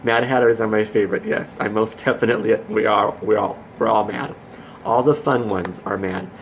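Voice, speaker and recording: Animated man telling a rambling story. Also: lowish voice, moderate pace, slight background noise, poor audio. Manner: animated, rambling storyteller who turns motivational. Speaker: vlogger. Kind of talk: casual storytelling vlog.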